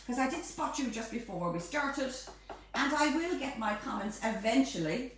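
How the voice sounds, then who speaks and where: A woman's voice: a little high, animated, moderate pace. A woman hosting a live home baking demonstration, chatting playfully as she cooks. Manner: chatty, playful, bubbly asides. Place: home kitchen. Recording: echoey kitchen, distant mic, faint noise.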